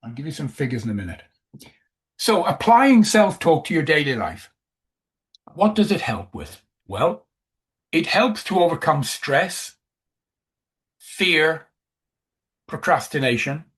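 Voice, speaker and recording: A man's voice: fairly high pitch, big pitch swings, a little slow, long pauses. A man giving a coaching presentation, emphatic, who repeats key phrases.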